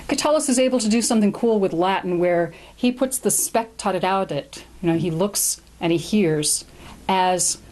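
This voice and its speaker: A woman's voice: medium pitch, darkish tone. Woman lecturer, thoughtful and explanatory, with fillers and self-corrections. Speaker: lecturer on classical poetry. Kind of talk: recorded lecture with Latin readings.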